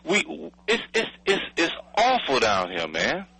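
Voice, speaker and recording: A man's voice: fairly high pitch, wildly swooping pitch, measured pace, pushed and bright, slight background noise, low-quality recording. A man, angry and blunt in a radio interview, swearing and pleading for help. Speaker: city official interviewed by radio. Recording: radio broadcast audio.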